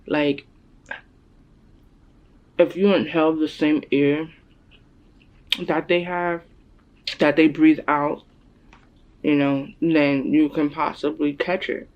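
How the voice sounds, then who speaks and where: Young woman vlogger, casual storytelling, animated quoting, camera mic. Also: takes it slowly, long pauses, muffled recording. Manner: animated, acts out quotes in a higher voice.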